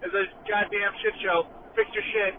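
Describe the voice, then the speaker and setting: A man calling in from his car, ranting loudly and swearing in a comic voice message. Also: sits high, flat delivery, normal speed. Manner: loud, brash, swearing. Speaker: caller leaving a voice message. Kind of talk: profane comic rant. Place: driving in a car. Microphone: phone. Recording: tinny phone line with car noise.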